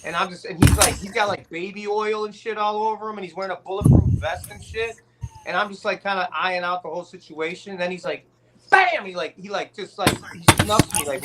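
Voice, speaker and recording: A man's voice: high-pitched, very noisy. A man telling a long story in casual podcast chat, rambling with restarts and swearing. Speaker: guest rapper telling a story.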